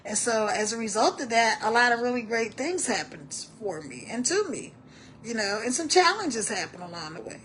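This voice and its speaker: Middle-aged woman, fairly high voice, rambling motivational live-stream host, faint background noise. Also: lively intonation, moderate pace, a bit bright. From born in New York, raised in Texas. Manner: rambling, repeats words, reads chat aloud.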